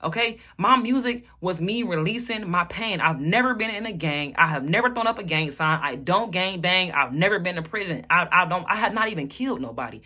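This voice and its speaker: Rapper spilling their story on camera, all emotional and rambly, says like a ton, bright sharp voice. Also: mid-range voice, animated. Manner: emotional, rambling, fills nearly every phrase with "like"; repeats phrases, at times rushed.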